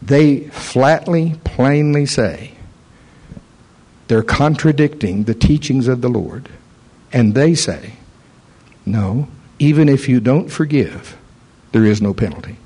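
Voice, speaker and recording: A man's voice: mid-range voice, slow pace, pauses often, breathy edge. A man preaching a sermon and telling a story, acting out the voices of the people he quotes. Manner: animated, acts out quoted voices.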